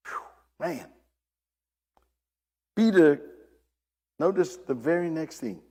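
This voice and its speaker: Male preacher, high lively voice, repeats himself, hushed then loud, church hall reverb. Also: slow, pauses often. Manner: animated, repeats phrases, swings from hushed to loud. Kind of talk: sermon. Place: church service with a congregation.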